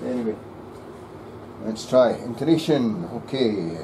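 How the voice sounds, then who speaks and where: Luthier, low voice, half-muttered workshop commentary, noisy room. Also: male voice, a little slow, mellow. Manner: muttering to himself while working.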